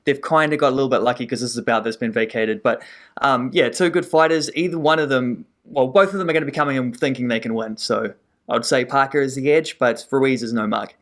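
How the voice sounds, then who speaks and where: A man's voice: mid-range voice, fast talker, a bit bright. A man, co-hosting a casual sports podcast and giving his take on a fight, thinking aloud with frequent ums and restarts. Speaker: co-host, sports pundit.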